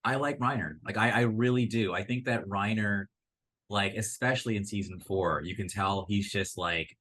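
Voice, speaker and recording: Excitable low-voiced man chatting. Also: moderate pace, rough recording. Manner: excitable, rambling, swears freely. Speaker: podcast co-host. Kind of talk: casual pop-culture chat.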